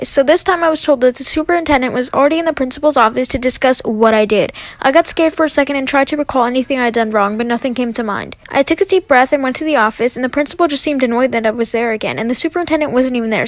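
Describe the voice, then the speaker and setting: A young woman tells a dramatic storytime at a rapid clip, slipping into the voices of the people she quotes. Her voice sits a little high, and the close microphone sounds dry with no room around it. The delivery stays chatty and animated throughout. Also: no echo. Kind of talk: fast storytime narration.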